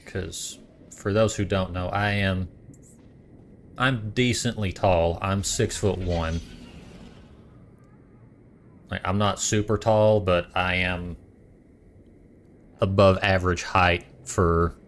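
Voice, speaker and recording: Deep, slow-talking man with a Boston accent. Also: fairly even intonation, a little hiss or hum. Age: adult parent. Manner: rambling, self-correcting. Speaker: streamer. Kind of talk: casual stream chat.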